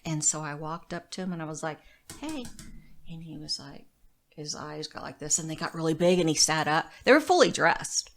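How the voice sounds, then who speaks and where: A woman in her thirties speaks with a deep, slightly fried voice. She tells a personal story as a podcast guest, candid and animated, slipping into the voices of the people she quotes. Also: brisk, gravelly. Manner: candid, lively retelling with quoted dialogue. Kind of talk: casual storytelling chat.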